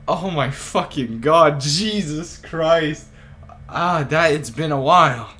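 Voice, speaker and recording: A woman's voice: low-pitched, slow, fairly bright tone. A young woman streaming a story game, reacting emotionally with lots of swearing and laughter. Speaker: let's play streamer. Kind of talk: casual gameplay commentary.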